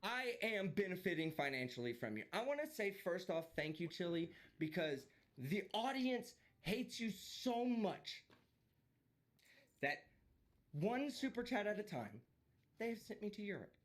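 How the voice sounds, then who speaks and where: A man's voice: high voice, big pitch swings, measured pace. A man streaming live, delivering a heated, profane and mocking rant. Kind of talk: ranting live stream commentary.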